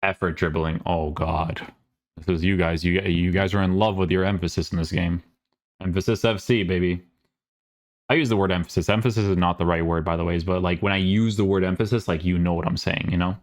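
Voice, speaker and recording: Male gamer host, deep voice, offhand sarcastic reactions while reading patch notes. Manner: casual, sarcastic asides, many fillers. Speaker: gaming YouTuber.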